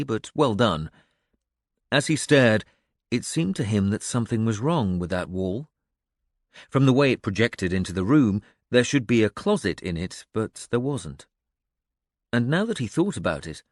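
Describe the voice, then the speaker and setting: A man reading an audiobook aloud in an even storytelling manner, close to the mic. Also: lowish voice, dry recording. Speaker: audiobook narrator. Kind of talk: scripted narration.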